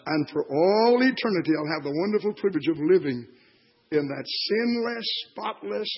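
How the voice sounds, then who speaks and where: An older man preaching a sermon. He is impassioned and moves from hushed words to shouting. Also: high voice, expressive, moderate pace, breathy edge. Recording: dull lo-fi recording.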